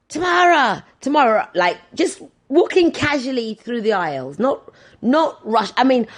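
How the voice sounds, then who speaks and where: A woman in her thirties hosting a podcast, telling casual stories and acting out the people in them. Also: medium pitch. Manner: animated, acts out voices in her anecdotes. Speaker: podcast host. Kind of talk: casual storytelling monologue.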